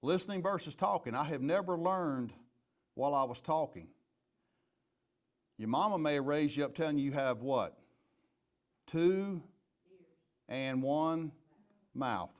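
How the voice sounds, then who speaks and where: A middle-aged man leads a police leadership training. He speaks in a slightly high voice as a folksy, joking storyteller. He mixes anecdotes with plain lessons. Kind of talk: leadership training talk with stories.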